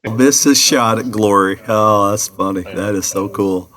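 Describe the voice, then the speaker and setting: A man hosting a podcast interview, reacting warmly to a story and asking a question with many pauses. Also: on the low side. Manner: appreciative, hesitant with fillers. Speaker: podcast host. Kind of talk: casual interview.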